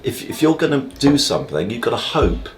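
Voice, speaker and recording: A man's voice: mid-range voice, sing-song, brisk, a little hiss or hum. A man, a magician guest in an interview who makes his points through analogies and keeps checking "all right?" with the listener, speaking in a dressing room. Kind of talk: conversational interview.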